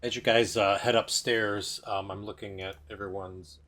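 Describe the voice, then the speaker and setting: A man's voice: fairly low pitch, steady tone, moderate pace, a bit bright. A man narrating a tabletop game as game master, describing scenes in a loose, descriptive way.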